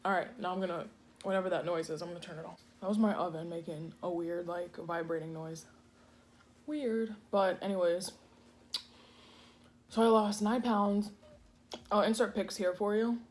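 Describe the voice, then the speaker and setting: A woman's voice: on the low side, flat delivery, brisk, a little hiss or hum. A woman vlogger chatting casually while eating at home, rambling with many fillers and restarts. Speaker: food vlogger. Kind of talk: casual eating vlog chat. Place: home kitchen.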